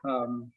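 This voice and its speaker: A man's voice: medium pitch, bright, forceful tone. Rambling man telling funny anecdotes. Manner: laughing, rambling, fond. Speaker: friend sharing stories. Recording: dull lo-fi mic.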